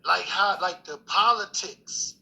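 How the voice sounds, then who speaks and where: A man's voice: high voice, takes it slowly, gravelly, bright, forceful tone, poor audio. A middle-aged man telling a story in a laid-back, profane street style, full of fillers. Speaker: guest storyteller. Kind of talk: casual storytelling chat.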